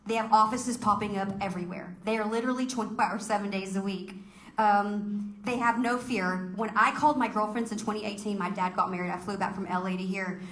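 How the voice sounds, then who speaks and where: A woman's voice: medium pitch, steady tone, brisk, a little hiss or hum. A woman giving a fiery political speech to a local group, firing off emphatic rhetorical questions. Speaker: political speaker. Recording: echoey room.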